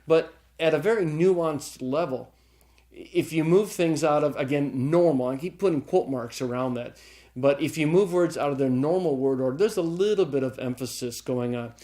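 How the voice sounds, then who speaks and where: A man's voice: a little high, moderate pace, mellow. A middle-aged man teaching Greek grammar in a recorded lecture, patient and chatty, often checking in with "okay?" and chuckling lightly as he explains.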